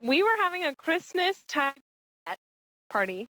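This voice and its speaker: A young adult woman telling a lively anecdote in casual podcast chat, laughing as she goes. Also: very high voice, unhurried, no echo, rough recording. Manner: animated, laughing storyteller.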